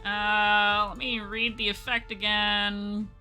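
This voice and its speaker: A woman runs a tabletop game as its game master, her voice bright and crisp in tone. She keeps things upbeat and laughs easily between rulings, with a mid-range pitch. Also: level tone, slow, soft background music.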